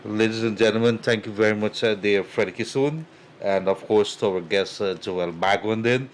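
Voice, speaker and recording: A man's voice: lowish voice, fairly even intonation, moderate pace, slight background noise. A man hosting a talk show, closing the program with thanks and chatty remarks full of fillers. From Guyana. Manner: chatty, many fillers, thanks guests warmly. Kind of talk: talk show host wrap-up.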